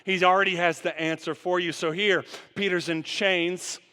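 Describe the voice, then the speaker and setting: A man's voice: high voice, steady tone, moderate pace, sharp tone, clean tone. A man preaching a sermon as pastor, putting rhetorical questions to the congregation in long runs. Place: church sanctuary. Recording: long church reverb.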